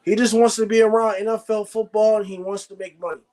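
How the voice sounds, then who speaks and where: A man's voice: high-pitched, little pitch movement, fast talker, darkish tone. A man hosting a live sports reaction stream, ranting bluntly and repeating himself. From United States. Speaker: sports show host.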